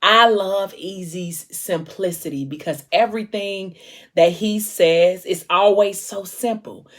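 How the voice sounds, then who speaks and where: A woman's voice: medium pitch, unhurried. A young woman casually recapping a novel's plot in a chatty, meandering way with lots of fillers. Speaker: vlogger discussing a book.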